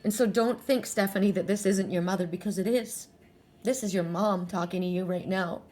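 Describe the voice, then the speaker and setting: An earnest woman reads oracle cards for her viewers in a spiritual, heartfelt way. She circles back on her words, restarting and repeating herself as she goes. Her voice sits at an ordinary middle pitch for a woman. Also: normal speed, darkish tone. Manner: earnest and emotional, with frequent restarts and repeated phrases. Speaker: oracle card reader. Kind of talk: spiritual card reading to viewers.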